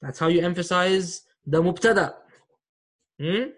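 Here the same kind of online grammar teacher, a man with a high voice and a fairly bright tone, goes a little slowly. He patiently repeats important terms and checks in often to make sure students keep up.

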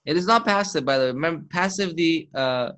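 A man's voice: a little high, brisk, a bit bright. A man teaching Arabic grammar in a live lesson, patient and encouraging, drilling terms aloud. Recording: muffled lo-fi audio.

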